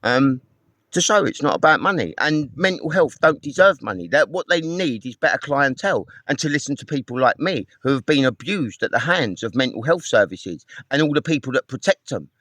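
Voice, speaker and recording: A man's voice: medium pitch, big pitch swings, fairly quick, fairly bright tone, no echo. A man ranting angrily to camera, swearing often and repeating himself as he recounts phone calls. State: homeless. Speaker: vlogger. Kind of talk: angry personal rant to camera.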